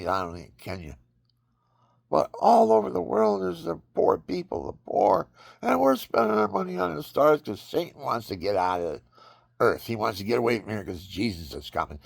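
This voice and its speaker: A man with a very low, gravelly voice rambles through a religious monologue, drifting from story to sermon. His tone is husky and roughened, and he suddenly breaks into high, acted-out cries. The sound is close and dry, with no room around it. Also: big pitch swings, moderate pace, dry recording.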